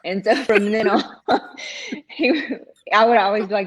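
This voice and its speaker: A woman's voice: medium pitch, normal speed, poor audio. A woman co-hosting a casual chat show who laughs as she tells stories. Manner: laughs while telling stories.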